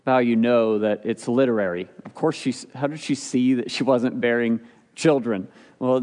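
A man's voice: on the high side, darkish tone. A man preaching a sermon, explaining a scripture passage with rhetorical questions and acted-out quotes. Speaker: pastor. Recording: long hall reverb.

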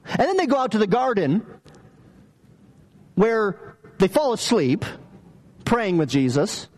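With a high, slightly mellow voice and big pitch swings, a pastor preaches slowly. His sermon is conversational and built on stories, with questions aimed at the listeners.

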